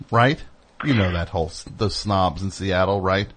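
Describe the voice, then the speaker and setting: A man's voice: sits low, unhurried, a bit bright. A middle-aged man hosting a radio show in a studio, chatting casually with an opinionated, teasing, rambling manner. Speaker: host.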